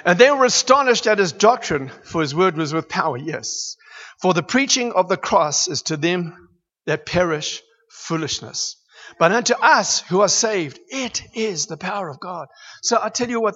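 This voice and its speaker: A man preaching a sermon, emphatic and building to excited declarations. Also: high-pitched, moderate pace. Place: church hall. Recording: reverberant hall, dull lo-fi sound.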